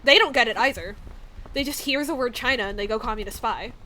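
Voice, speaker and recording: A woman's voice: sits high, fast talker, bright, forceful tone, slight background noise. A young woman from the American South, chatting casually on a live stream, rambling with lots of fillers and frequent laughs. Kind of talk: casual chat.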